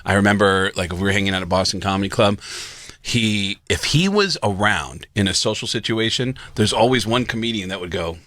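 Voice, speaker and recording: Bright-toned man telling rambling anecdotes. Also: fairly low pitch, a little fast, no room sound, clean studio sound. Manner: rambling anecdotes with swearing and laughter. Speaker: podcast co-host. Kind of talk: casual comedy chat.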